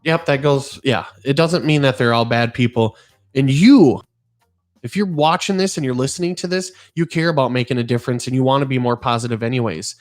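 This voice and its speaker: A man's voice: mid-range voice, brisk. A middle-aged man hosting a podcast, talking in an earnest, rambling way and telling stories with animation. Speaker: podcast host. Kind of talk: casual podcast chat.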